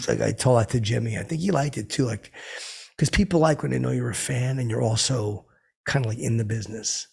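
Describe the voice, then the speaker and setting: A middle-aged man telling a rambling, boastful comedic story, stammering often, with a gravelly, raspy voice. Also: medium pitch, a little fast, darkish tone. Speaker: comedic character host telling stories.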